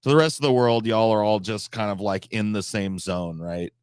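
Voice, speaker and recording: A deep-voiced man from the United States hosting a live stream. He rambles casually in a blunt way and swears freely. His voice is low, and the close, dry sound has no room echo. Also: fairly even intonation, moderate pace, smooth.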